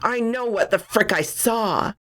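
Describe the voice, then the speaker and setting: A woman's voice: fairly high pitch, unhurried, fairly bright tone, no room sound, studio quality, pitched above the performer's own voice. A woman voicing a terrified young woman who urgently demands answers. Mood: panicked. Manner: urgent and insistent.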